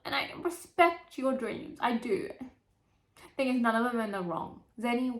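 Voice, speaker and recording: Bright, animated young woman book vlogger. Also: on the high side, moderate pace, slight background noise. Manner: animated, emotional, swears freely and gushes about characters. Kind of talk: casual chat.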